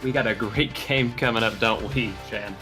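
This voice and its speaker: A man's voice: medium pitch, steady tone, normal speed. A man giving color commentary on a video game match in a friendly, laid-back way. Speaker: esports co-caster. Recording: faint music behind.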